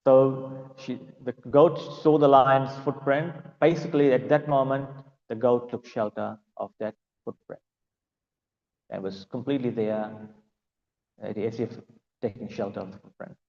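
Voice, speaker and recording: A man's voice: mid-range voice, steady tone, unhurried, gravelly, darkish tone, reverberant, big-room sound, highs cut off. A man giving a devotional class and telling a story, hesitant and full of fillers. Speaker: class speaker.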